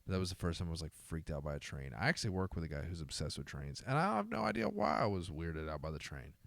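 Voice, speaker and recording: A young man with a drawl co-hosts a podcast and rambles through stories with plenty of energy. His voice sits very low but swoops up and down a lot. The recording is dry and close, with no room echo. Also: fast talker, vocal fry. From Alabama, US. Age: young adult. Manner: rambling, animated storyteller. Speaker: podcast co-host. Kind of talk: casual chat.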